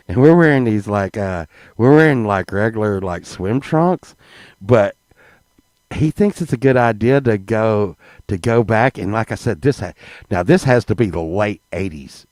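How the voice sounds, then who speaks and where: A man's voice: mid-range voice, a little mellow, dry recording. A man, telling stories in a rambling, casual way to a live chat, restarting words and swearing freely.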